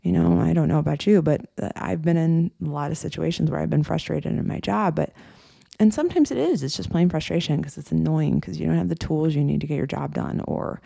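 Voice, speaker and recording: A coach talks through a podcast monologue in a heavily gravelly, mellow voice. The delivery is casual and chatty, full of fillers and tag questions. The sound is close and dry. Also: medium pitch, a little fast, no room sound.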